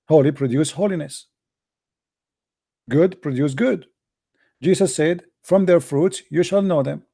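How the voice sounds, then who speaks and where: A man's voice: a little high, mellow. Mocking man with an Arabic accent. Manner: mocking and emphatic, broken grammar. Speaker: call-in show host. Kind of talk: polemical religious talk.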